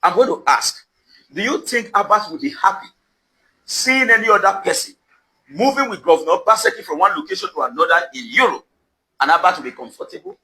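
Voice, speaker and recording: A man's voice: high-pitched, lively intonation, fairly quick, bright, forceful tone, poor audio. A Nigerian man delivering a confrontational direct-to-camera rant outside his house, emphatic and accusatory, repeating his questions for effect. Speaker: social media commentator. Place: outdoors at his house compound.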